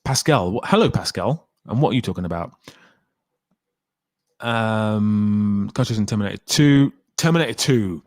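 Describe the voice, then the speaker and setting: A man hosting a casual live stream, reading out viewer comments in a lively, excitable way and swearing freely. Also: on the low side, moderate pace, dry recording, studio quality.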